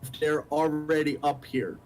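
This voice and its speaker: A man's voice: a little high, fairly even intonation, normal speed, a little mellow. A man playing a tabletop game who thinks aloud and hesitates, often restarting his sentences. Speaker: player. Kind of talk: casual tabletop game chat.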